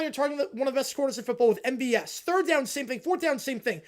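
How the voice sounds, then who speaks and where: Stream host, male, casual reaction chatter, very animated pitch, jumps from shouting rants to mumbled asides. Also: rapid-fire. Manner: excitable, answers chat questions, swings from loud rants to low mumbles. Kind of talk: casual live reaction chat.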